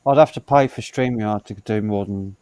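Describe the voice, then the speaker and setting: A man streamer in casual banter, talking haltingly with many fillers. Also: lowish voice, warm tone, dry recording.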